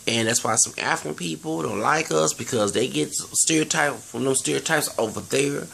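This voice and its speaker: Very gravelly Texan man rambling. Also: mid-range voice, normal speed, fairly bright tone. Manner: earnest, digressive, many restarts and fillers. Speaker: vlogger. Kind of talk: rambling monologue to camera.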